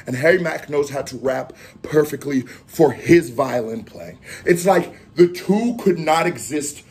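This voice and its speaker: Excitable man reacting to a video. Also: fairly high pitch, unhurried. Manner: excitable, loud outbursts and chanting between talk. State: out of breath. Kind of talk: casual reaction commentary.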